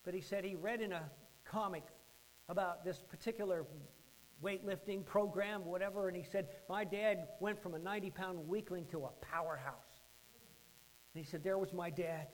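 A man preaching, telling a story with dramatic swings from hushed to loud. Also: sits high, normal speed, a little hiss or hum, poor audio. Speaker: pastor. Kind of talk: sermon storytelling.

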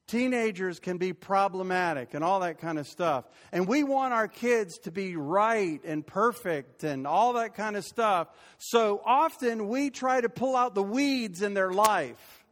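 A man's voice: sits high, a bit bright. An older man preaching a sermon as pastor, conversational and rising to emphatic peaks. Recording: long hall reverb.

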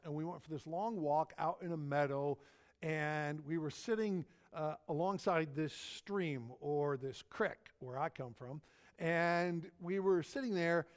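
A middle-aged man preaching a sermon, telling a personal story in a folksy, anecdotal way and repeating his phrases. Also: fairly high pitch. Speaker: pastor.

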